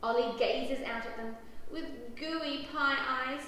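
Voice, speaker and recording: A woman reading a picture book aloud to children, expressive, with lively character voices and questions to the listeners. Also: high voice, slow. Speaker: children's story reader. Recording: very echoey room, faint background noise.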